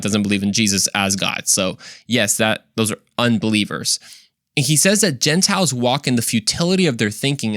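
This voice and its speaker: A man hosting a Christian talk show, speaking in an animated, conversational way with frequent exclamations. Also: medium pitch, no echo, studio quality. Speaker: host. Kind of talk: faith talk show monologue.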